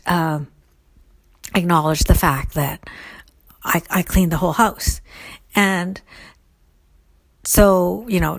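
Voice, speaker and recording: A woman's voice: lowish voice, dry recording. A middle-aged woman casually answering listener questions on recovery, thoughtful and full of fillers and restarts. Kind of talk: casual solo Q&A talk.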